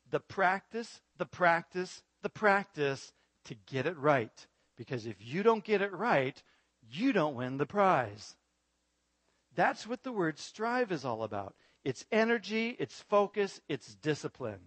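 A man preaching a sermon as pastor, animated, asking the congregation rhetorical questions. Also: fairly high pitch, no echo.

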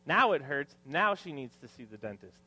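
Male pastor in his 30s, sermon with self-deprecating humor, lively pitch, slightly high voice. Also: moderate pace, breathy edge, dry recording. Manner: joking, self-deprecating asides to the congregation. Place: church hall with congregation.

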